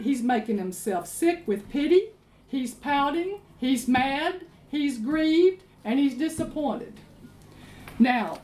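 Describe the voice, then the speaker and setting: A woman preacher, giving a sermon in an emphatic, animated storytelling way. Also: high voice. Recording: roomy echo, faint ambience.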